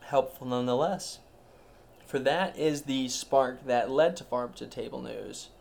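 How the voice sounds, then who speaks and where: A man's voice: mid-range voice, unhurried, creaky, a little mellow. A man hosting a solo podcast, rambling in a meandering, self-interrupting, mock-grand way. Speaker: podcast host.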